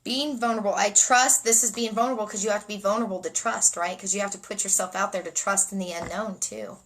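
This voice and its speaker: A woman's voice: mid-range voice, steady tone, fast, a bit bright, low-quality recording. A woman giving a spontaneous spiritual card reading, dreamy and emotional, often repeating phrases. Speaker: oracle card reader and energy healer.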